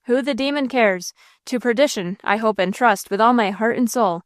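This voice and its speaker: A woman's voice: on the high side, moderate pace, no echo, clean studio sound, lightly acted. A woman voicing a hot-tempered old man in an audiobook, scolding and blustering. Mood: agitated.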